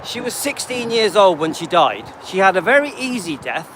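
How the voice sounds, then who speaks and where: A man's voice: high-pitched, big pitch swings, normal speed, noisy background. A man in his late fifties chatting casually on a livestream while walking his dog, rambling and talking to viewers by name. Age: 50s. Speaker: livestream host.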